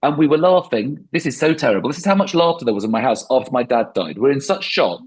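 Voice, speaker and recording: A middle-aged man talks as a podcast guest, rambling and mocking himself. His voice is slightly husky. His pitch swings widely as he goes. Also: fast talker, poor audio. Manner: rambling, self-deprecating, animated. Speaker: comedian guest. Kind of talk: podcast interview.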